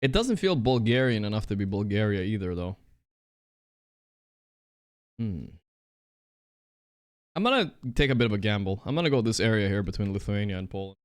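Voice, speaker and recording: A male streamer talks his way through a guessing game, reasoning aloud and trash-talking. His voice is smooth and clear. His pitch swings widely as he reacts. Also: moderate pace, pauses often. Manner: excitable, trash-talking, thinks out loud. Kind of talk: casual live-stream commentary while playing.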